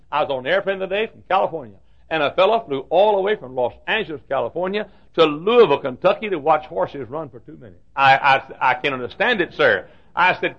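A man in his fifties preaching a sermon in a folksy, joking way, repeating himself and bursting into shouts. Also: on the high side. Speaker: pastor. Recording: dull lo-fi recording.

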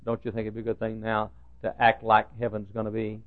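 A man preaching a sermon in a folksy, animated way, jumping from loud high outbursts to hushed asides. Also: fairly quick. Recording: dull lo-fi recording.

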